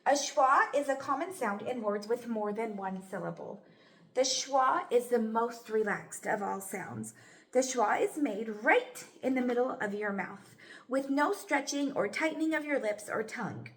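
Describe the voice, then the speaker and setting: Slow, patient woman phonics teacher. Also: a little high, expressive, fairly bright tone. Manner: patient, praising, sounds words out. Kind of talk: slow, clear classroom instruction. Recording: echoey room.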